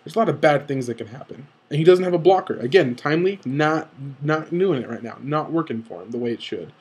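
In an animated, husky voice pitched a little high, a young card game video commentator offers excited play-by-play of a recorded match. He rambles eagerly, rushing and restarting his sentences to correct himself.

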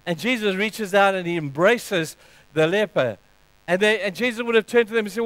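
High-voiced preacher man, dramatic. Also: a little fast, fairly bright tone, dry recording, rough recording. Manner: dramatic, acts out Bible scenes in quoted voices. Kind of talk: sermon.

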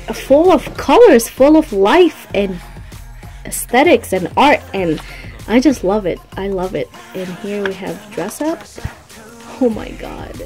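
A woman's voice: mid-range voice, darkish tone, low-quality recording. A young woman vlogging an album unboxing, gushing with breathless fan exclamations. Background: faint background music.

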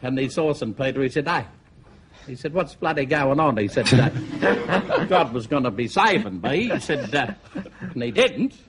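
A man's voice: mid-range voice, expressive, normal speed. An older Australian comedian telling jokes in a rambling, chuckling way, full of "he said, uh". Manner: rambling, chuckling storyteller with many "he said, uh". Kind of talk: stand-up joke telling. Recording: TV studio with faint noise.

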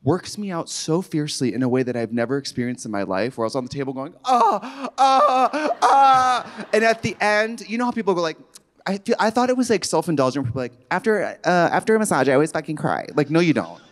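A man's voice: on the high side, lively intonation, fast, a little hiss or hum. A man co-hosting a live stage comedy show, rambling through a bawdy story. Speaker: comedy podcast co-host.

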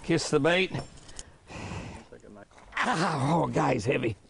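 A man's voice: a little high, slow, gravelly, noisy background. Folksy older man hosting a fishing show. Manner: folksy, chatty, laughs often, exclaims loudly at fish. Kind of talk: excited on-the-water commentary. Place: outdoors on a fishing boat.

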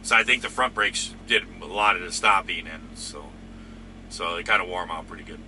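Man, trucker host, casual rambling chat, bright forward tone, faint vehicle hum behind. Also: low voice, steady tone, a little fast. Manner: rambling, easygoing, lots of fillers. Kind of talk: casual chat reading viewer comments.

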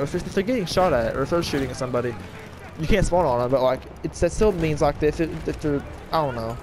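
A man giving casual gameplay commentary, talking fast with jumbled words, frequent stutters and restarts. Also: on the high side, noisy background. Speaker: gaming channel host. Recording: loud gunfire and battle game sounds behind. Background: shooter game audio with gunfire and vehicles.

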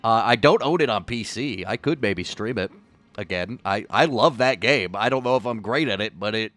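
A man's voice: fairly low pitch, animated, normal speed, fairly bright tone, no room sound. A man streaming a game, rambling and joking with his chat between moves. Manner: rambling, jokey, chats with viewers. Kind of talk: casual gameplay commentary.

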